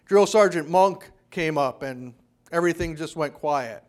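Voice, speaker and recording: A man preaching a sermon, telling a story from his own time in the army and lowering his voice to quote a drill sergeant. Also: a little slow. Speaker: pastor.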